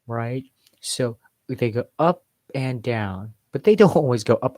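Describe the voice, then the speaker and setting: Male accent coach, casual live-stream lesson, mid-pitched voice, dry close mic. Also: fairly even intonation, a little slow, dark tone, no room sound. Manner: explains with modeled examples and filler words. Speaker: English accent teacher.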